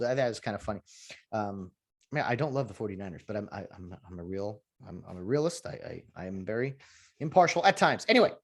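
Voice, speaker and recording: A man giving casual sports commentary in an animated, ranting way, with many fillers and restarts. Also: mid-range voice.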